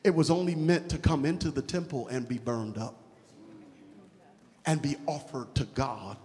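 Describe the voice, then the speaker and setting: A man preaches a sermon, shifting from hushed teaching to shouted, rhythmic exhortation with call-and-response refrains. His mid-range voice moves at a moderate pace with a long reverb tail.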